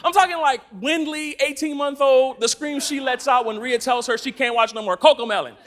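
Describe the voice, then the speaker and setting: A man's voice: very high voice, fairly quick, fairly bright tone. A man giving a sermon as a church team speaker, telling stories with energy, laughing and raising his voice at the peaks.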